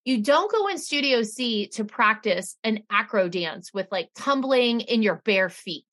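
A woman's voice: a little high, measured pace. A woman co-hosting a casual podcast, retelling a TV episode in a chatty, sarcastic way and quoting people as she goes. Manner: chatty, sarcastic, animated retelling with quoted voices. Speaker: podcast co-host recapping a TV episode. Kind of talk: casual chat.

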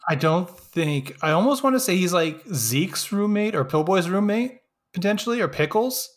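A man's voice: sits high, expressive, moderate pace. A man co-hosting a casual movie review podcast, adding wry asides and laughing along. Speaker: podcast co-host.

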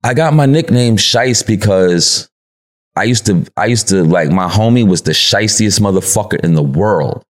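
Deep-voiced New York man, laid-back slang. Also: lively intonation, normal speed. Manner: slangy and laid-back, laughs often, acts out quotes. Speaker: podcast guest. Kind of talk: casual interview storytelling.

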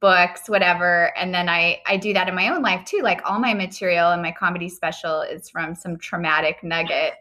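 A woman's voice: lowish voice, steady tone, fairly quick, hardly any pauses, bright, forceful tone. A woman comedian in casual chat, loose and joking as she talks about her work. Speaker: comedian and guest.

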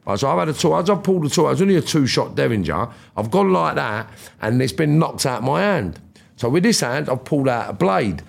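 Man, middle-aged, London accent, gravelly, casual storytelling, blunt street slang, swearing. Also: medium pitch, big pitch swings, a little fast. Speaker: guest.

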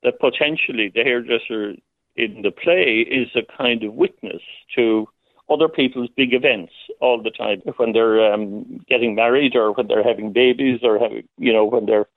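Playwright guest over a phone line, dry sound, hesitant and reflective, mid-pitched man. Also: moderate pace, dry recording. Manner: thoughtful, hesitant, laughs often. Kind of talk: phone interview.

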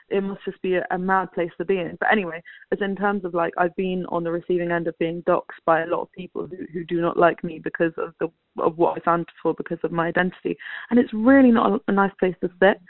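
A woman's voice: on the low side, no room sound. A woman guest writer giving earnest, considered commentary over a phone call. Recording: tinny phone line, dry.

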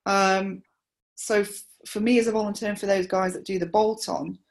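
A woman, a supporter liaison officer, explaining her views in a measured interview with frequent restarts. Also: mid-range voice, steady tone, vocal fry. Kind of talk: conversational interview.

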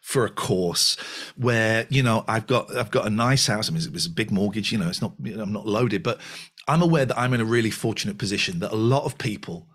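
A man's voice: fairly low pitch, brisk, a bit bright. A man of about fifty, a podcast guest talking candidly and animatedly, with frequent restarts and repeated phrases. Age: 50s. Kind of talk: candid conversational reflection.

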